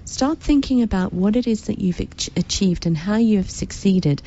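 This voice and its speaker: A woman's voice: medium pitch, animated, normal speed, warm tone, highs cut off. A woman hosting a radio talk show, direct and encouraging as she speaks to listeners. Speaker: radio host.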